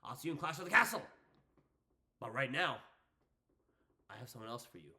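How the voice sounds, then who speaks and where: A man's voice: mid-range voice, big pitch swings, brisk, pushed and bright, pitched below the performer's own voice. A man voicing a stern British male wrestling authority figure in a casual vlog.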